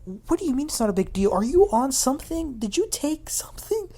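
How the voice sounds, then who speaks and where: A woman voicing an exasperated woman who confronts a friend with quick, pointed questions. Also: on the high side, warm tone, pitched above the performer's own voice, natural voice. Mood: incredulous.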